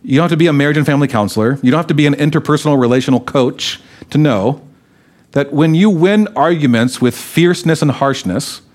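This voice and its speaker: A man's voice: a little high, fast talker, darkish tone. Male pastor, sermon delivery, conversational, moves between reading the text and explaining it. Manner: reads scripture aloud, then explains it conversationally.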